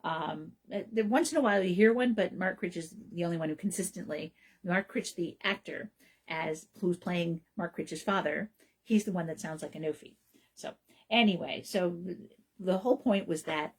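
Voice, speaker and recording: A woman's voice: fairly low pitch, breathy edge. A middle-aged woman hosting a radio show alone, talking casually and rambling with many ums and restarts. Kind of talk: casual solo talk.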